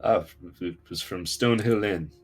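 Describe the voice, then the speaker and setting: A man's voice: low voice, normal speed, faint music behind. A man playing a tabletop game in character, speaking formally and courteously. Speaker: player. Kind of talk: in-character roleplay as a courteous noble.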